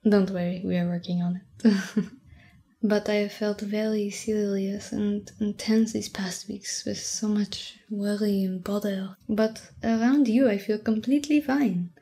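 Whispered role-play: a woman doing a playful young French tutor with a French accent, giggling softly as she teases her student. Her slow, unhurried whisper has a mellow, warm tone. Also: medium pitch, fairly even intonation, natural voice. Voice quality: soft, mostly whispered voice, giggly. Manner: gentle, teasing, chatty.

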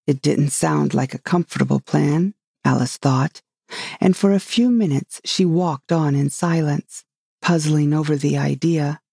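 An audiobook reader narrating a storybook calmly and evenly. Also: medium pitch, vocal fry, no room sound, studio quality. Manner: calm, even storytelling.

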